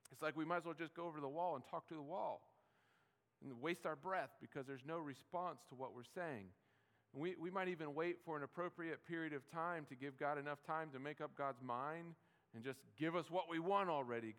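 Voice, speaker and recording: A man's voice: a little high, a bit bright. A middle-aged man preaching a sermon in a conversational way, with many rhetorical questions and small restarts. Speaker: pastor. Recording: reverberant hall.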